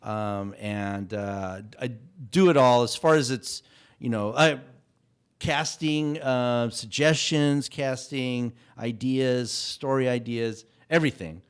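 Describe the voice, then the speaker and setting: A man of Mexican heritage, a guest on a casual podcast interview, telling stories in a halting way with many restarts. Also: mid-range voice, clear, resonant tone. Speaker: guest, cultural consultant for an animated show.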